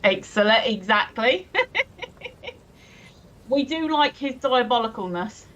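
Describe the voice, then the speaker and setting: A giggly woman chatting on a live stream, reading out viewer messages and laughing between them. Her voice sits fairly high and leaps around a lot. The sound is dull and lo-fi. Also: animated, slow pace, a bit bright. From England. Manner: giggly, reads chat messages aloud. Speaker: stream co-host. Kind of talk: casual live-stream chat.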